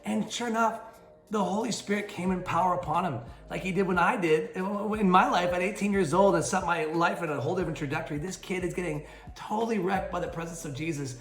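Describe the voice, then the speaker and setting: A man giving a midweek devotional as pastor, energetic and punchy, with rhyming catchphrases. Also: high-pitched, a little fast. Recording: roomy sound with faint music underneath.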